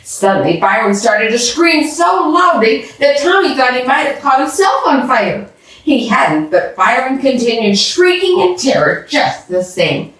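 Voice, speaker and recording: A woman telling a children's bedtime story aloud, expressively, pausing to ask the listening children questions. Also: high-pitched, sing-song, a bit bright. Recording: echoey room, distant mic.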